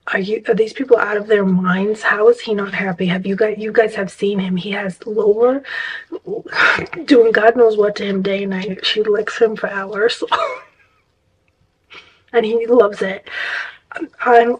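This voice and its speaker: A woman's voice: medium pitch, fairly even intonation, moderate pace, a little hiss or hum, poor audio. A woman vlogger telling a story in casual, rambling chat, exasperated and full of restarts.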